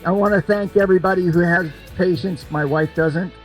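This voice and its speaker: An older man runs a cornhole game at an event, coaxing and joking with the crowd. His voice sits high for a man, and he repeats himself playfully. Faint music drifts in behind him. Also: steady tone, a little fast. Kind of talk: lively crowd banter.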